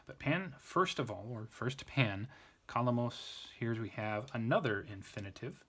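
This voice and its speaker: A man giving an informal Latin grammar lesson, thinking aloud, often restarting and correcting himself. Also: medium pitch. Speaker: Latin tutor.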